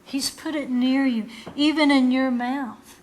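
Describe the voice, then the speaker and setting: A woman preaches with a fairly high voice. She is earnest and direct, and she poses rhetorical questions to her listeners. She acts out quoted lines as part of her teaching. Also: steady tone, a little slow, darkish tone. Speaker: Bible teacher. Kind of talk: sermon.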